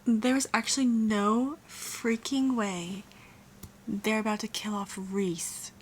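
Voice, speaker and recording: A young woman vlogging her reactions to a fantasy series, excitable and often dropping to a whisper. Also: mid-range voice, takes it slowly. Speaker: book vlogger. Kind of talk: casual reading reactions. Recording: faint background noise.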